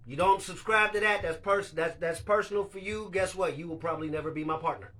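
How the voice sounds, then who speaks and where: A man's voice: high-pitched, a little fast, pushed and bright. A man hosting a casual live chat, talking candidly and loosely, laughing often and swearing freely. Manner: speaks of being a leader. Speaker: live stream host.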